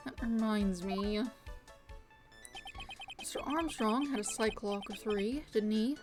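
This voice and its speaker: A woman's voice: medium pitch, slow pace, over music. A young woman streamer making wry, casual asides while playing a game. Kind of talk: live gameplay commentary.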